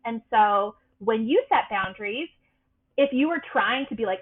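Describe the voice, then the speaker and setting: A woman coach explains things in a bright, bubbly, sing-song voice as a podcast guest. Her voice sits fairly high. The sound is thin and tinny, like a phone line. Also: lively intonation, moderate pace. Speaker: boundary life coach.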